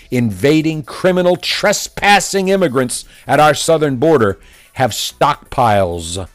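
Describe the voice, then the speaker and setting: A man delivering a combative, mocking political opinion monologue as a commentator. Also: mid-range voice. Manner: mocking, combative, name-calling.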